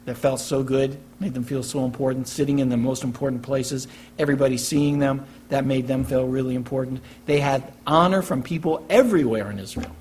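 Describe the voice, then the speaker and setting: Man, pastor, sermon, emphatic, repetitive phrasing, rhetorical questions, middle pitch. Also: a little hiss or hum. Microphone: church recording for online message.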